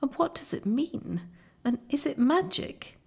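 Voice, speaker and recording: A woman's voice: mid-range voice, steady tone, normal speed, darkish tone, lightly acted. A woman voicing an anxious, cautious older girl who speaks shakily and hesitantly. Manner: shaky, hesitant.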